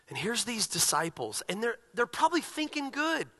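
A male pastor preaching a sermon, moving from quiet, slow passages to loud, emphatic ones. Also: high voice, huge pitch swings.

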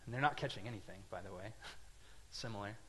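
A man preaching a sermon, telling a story with lively swings from quiet asides to loud emphatic lines. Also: lowish voice, a little fast, husky, big-room sound. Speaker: pastor.

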